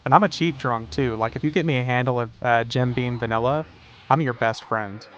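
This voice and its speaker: A man's voice: medium pitch, fairly quick, highs cut off, slight background noise. A man streaming a game live, chatting casually, joking and swearing freely, often saying "dude". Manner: laid-back, joking, swears freely, says "dude" a lot. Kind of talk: casual livestream chat while playing.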